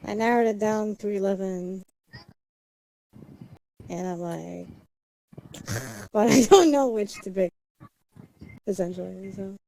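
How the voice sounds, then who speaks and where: Poor audio carries a woman's creaky, dark, mid-range voice as she speaks slowly and pauses often. A livestreamer in casual conversation, she mutters to herself while setting up and hums and sings nonsense syllables.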